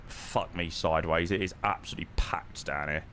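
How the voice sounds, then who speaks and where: A man's voice: deep voice, fairly even intonation, brisk, fairly bright tone, slight background noise. A man, chatting casually with his live-stream chat while flying a sim, swearing now and then.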